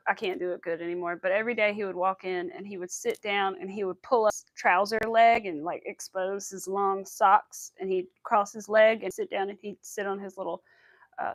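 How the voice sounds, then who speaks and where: Casual chatty woman streaming while she crochets, mid-pitched, close dry mic, rambles through animated stories. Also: no echo. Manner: chatty, rambling, animated retelling with quoted asides. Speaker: crochet livestream host.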